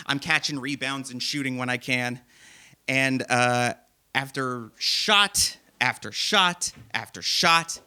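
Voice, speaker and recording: A man hosting a live comedy show, telling a self-deprecating story to an audience in a theater. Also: mid-range voice. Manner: self-deprecating, animated, laughing at himself. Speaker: host and storyteller.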